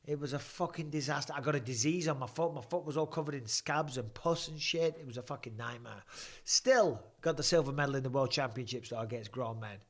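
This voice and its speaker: A man's voice: mid-range voice, a little fast, fairly bright tone. A man, chatting bluntly and swearing as he reads viewer questions on a live stream. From England. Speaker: livestream host watching fights.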